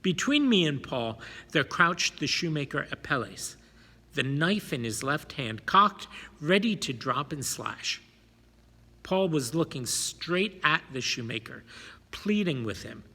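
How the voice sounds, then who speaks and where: Dramatic male audiobook reader, lively pitch, husky tone. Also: unhurried. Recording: long hall reverb.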